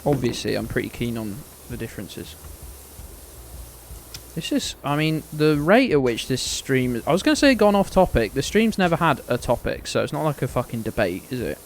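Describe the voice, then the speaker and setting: A man's voice: medium pitch, big pitch swings, moderate pace, slight background noise, rough recording. A man streaming a game, chatting casually to his viewers in a rambling, sweary, joking way.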